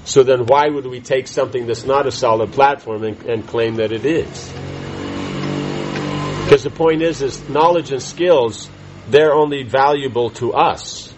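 A man's voice: medium pitch, background noise. A man teaching a conversational scripture class, often restarting his sentences and checking in with "right?". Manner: halting restarts, keeps asking "right?".

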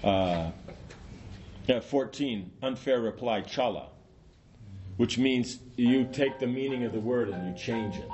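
A man's voice: medium pitch, unhurried, darkish tone, highs cut off, slight background noise. A man teaching an informal class, rambling and conversational, often saying "you know".

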